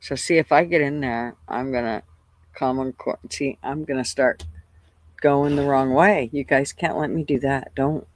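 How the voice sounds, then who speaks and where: A woman's voice: rumbling low, fairly even intonation, normal speed, dry recording. An older woman hosting a casual livestream, chatting loosely, swearing freely and greeting viewers by name at her computer. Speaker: livestream host.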